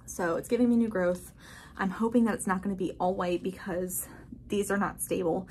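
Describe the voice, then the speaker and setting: A woman giving a casual, chatty tour of her houseplants, gushing and excited, full of filler words. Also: medium pitch, normal speed, a little hiss or hum. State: a bit out of breath. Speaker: plant vlogger. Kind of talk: casual plant tour vlog. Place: indoors at a grow tent.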